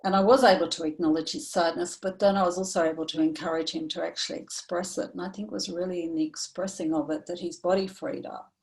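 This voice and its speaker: A woman therapist speaking in an online training session, telling a client story in a measured, reflective way with frequent ums and uhs. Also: lowish voice, steady tone, a little mellow, low-quality recording. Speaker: somatic therapist presenting to professionals.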